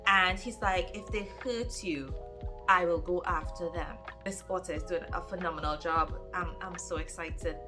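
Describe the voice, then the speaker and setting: A woman's voice: fairly low pitch, moderate pace, over music. A woman chatting casually in a reading vlog, animatedly recapping a romance plot and firing off exclaimed questions. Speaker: book vlogger.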